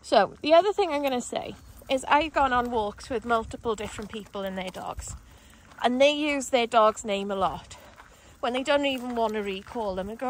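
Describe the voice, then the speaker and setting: A woman dog trainer demonstrating outdoors, explaining calmly between bursts of high, excited calls to her dogs. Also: moderate pace. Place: outdoors on grass.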